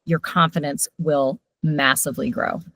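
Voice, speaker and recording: A woman's voice: sits low, dry recording. A middle-aged woman, a voiceover coach, telling stories animatedly in a casual interview. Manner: animated storyteller, quick shifts in loudness.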